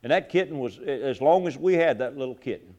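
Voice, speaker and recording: A middle-aged man preaching a sermon, swinging from loud, fervent lines to hushed ones and repeating his phrases. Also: mid-range voice, animated, fast, muffled recording. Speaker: pastor.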